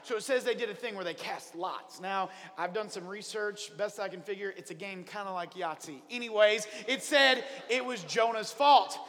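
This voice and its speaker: A middle-aged man retells a Bible story for children, playful and full of jokes. His voice is high and bright. It sits in a reverberant hall with a faint hiss behind it. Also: normal speed, hardly any pauses. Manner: playful, animated, jokey. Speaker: children's minister. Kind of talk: lively children's Bible lesson.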